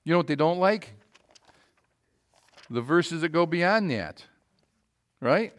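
A man's voice: a little high, lively intonation, takes it slowly. Emphatic male preacher. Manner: emphatic preaching, swinging from loud calls to quiet asides. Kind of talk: sermon.

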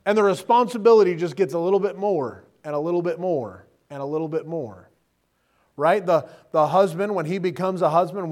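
Conversational male preacher, joking asides. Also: sits high. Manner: conversational, humorous, asks "right?" often. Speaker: pastor. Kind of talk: sermon.

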